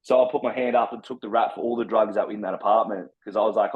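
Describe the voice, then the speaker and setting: A man's voice: medium pitch, fairly even intonation, fast talker, hardly any pauses, highs cut off. Blunt, swearing Australian man. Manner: blunt, swears a lot, heavy slang. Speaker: podcast guest. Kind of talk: casual storytelling.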